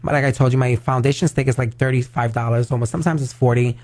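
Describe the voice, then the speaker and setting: Brief: male drag queen guest in a radio studio, mellow timbre, dry sound, rambling and chatty. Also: mid-range voice, steady tone, quick pace, no echo. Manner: chatty, heavy on "like" fillers. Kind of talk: casual radio interview chat.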